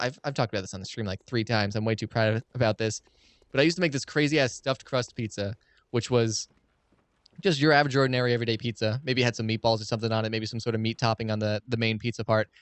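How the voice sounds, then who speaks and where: A man's voice: medium pitch, fast, clear, resonant tone, no room sound. A young man rambling and swearing freely through casual commentary while playing a game. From United States. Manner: rambling, profane, excitable ranting. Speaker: let's play streamer.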